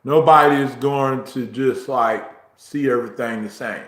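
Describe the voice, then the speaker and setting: A man talking casually on his livestream, rambling slowly and filling pauses with ums. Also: medium pitch, a bit bright, echoey room. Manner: slow, drawn-out, rambling talk with frequent ums. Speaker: YouTuber streaming a chat. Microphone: phone, recorded while walking.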